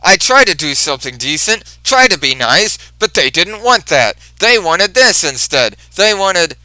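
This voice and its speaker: A man voicing an irritable, brutish supervillain in a rhino costume, complaining loudly. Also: high voice, very animated, a little slow, no echo, pitched above the performer's own voice, full character voice, rough recording. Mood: angry yelling. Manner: loud, whiny complaining.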